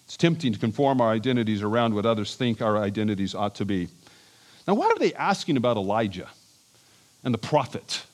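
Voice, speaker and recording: A man preaching an expository sermon as a pastor, emphatic and animated, with chuckles and restarts. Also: fairly low pitch, a little fast.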